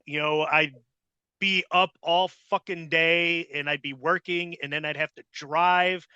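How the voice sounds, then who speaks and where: Male host, bright forceful voice, blunt and cursing a lot, dry close sound. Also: on the high side, fairly even intonation, a little slow, clear, resonant tone, dry recording, dull audio. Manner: blunt and heavily profane. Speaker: podcast host. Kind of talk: casual interview storytelling.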